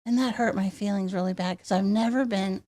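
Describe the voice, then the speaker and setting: A woman with a high, childlike voice, chatting as a guest in a studio interview and telling stories in an animated way. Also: fairly quick. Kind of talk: casual interview chat.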